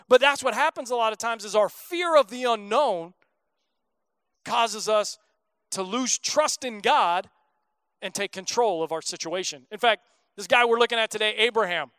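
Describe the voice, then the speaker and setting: A man's voice: extremely high pitch, sharp tone, clean tone, no echo. A man in his thirties preaching a sermon as a pastor, in a casual, joking, conversational way.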